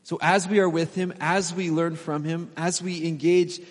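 A man in his thirties preaching a sermon as pastor, telling stories in a relaxed, conversational way with fillers and small laughs. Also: fairly high pitch, moderate pace. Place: church sanctuary. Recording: long hall reverb.

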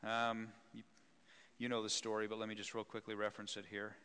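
A man preaching a sermon who retells a Bible story and acts out its people with lively energy. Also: lowish voice, brisk, clear, resonant tone, big-room sound. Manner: animated, acts out voices.

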